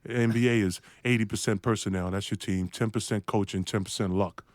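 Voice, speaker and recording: A middle-aged man, a former pro basketball player, telling an animated, self-mocking anecdote. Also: on the low side, brisk, no echo. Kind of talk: anecdote storytelling.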